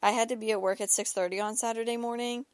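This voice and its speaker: Talking fast in a slightly high, steady voice with no echo, a young woman on her own podcast shares a personal story. She keeps saying "like" and repeating words as she rambles, all while dealing with an ear and throat infection.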